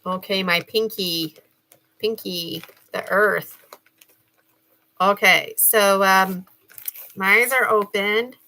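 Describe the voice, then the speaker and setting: A middle-aged woman talks slowly through a spiritual gemstone reading. She rambles in a chatty way, trailing off into fillers and restarting her sentences, and her pitch stays in the middle range. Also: fairly even intonation, bright, forceful tone, slight background noise. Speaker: spiritual reader.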